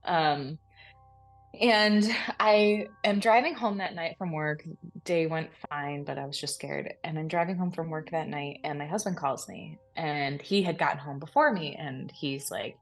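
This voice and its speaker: A woman co-hosting a podcast, retelling a frightening personal experience in a lively, breathless way, full of fillers and laughs. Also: sits low, normal speed, faint music behind. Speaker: podcast co-host. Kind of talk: casual storytelling.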